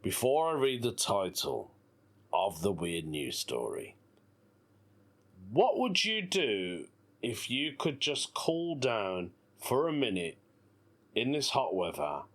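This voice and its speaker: A man's voice: medium pitch, very animated, a little slow. A British man in his thirties hosting a casual solo podcast, laughing often and talking in a playful, giggly way. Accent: British English. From Britain. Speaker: podcast host. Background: faint background music.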